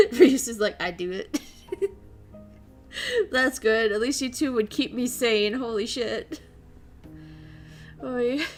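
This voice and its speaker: A young woman streamer chatting casually with her viewers in an animated way and laughing often. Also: on the high side, slow pace, pauses often, soft background music. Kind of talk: casual chat while streaming.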